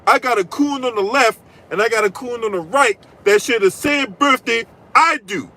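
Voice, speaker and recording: A man's voice: extremely high pitch, moderate pace, sharp tone, low-quality recording. A man hosting a political commentary channel, delivering a profane, mocking rant full of crude trash talk and repeated "right?".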